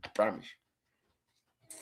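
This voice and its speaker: Laid-back New Jersey man streaming. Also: drawn-out words. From Newark, New Jersey, USA. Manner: loose, profane, laughs often, repeats himself. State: tired, yawning. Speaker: live stream host. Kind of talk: casual football watch-along chat.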